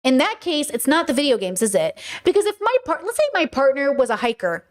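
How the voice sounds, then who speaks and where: Speaking briskly in a high voice, this podcast host delivers a casual solo monologue, lively and outspoken, cursing freely and frequently starting her sentences over.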